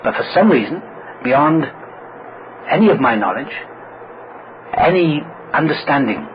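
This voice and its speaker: A man's voice: on the high side, lively intonation, a little slow. Man, wry storyteller at a recovery meeting, acts out voices; muffled, hissy recording. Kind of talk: humorous personal story told to an audience. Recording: muffled recording with loud background noise.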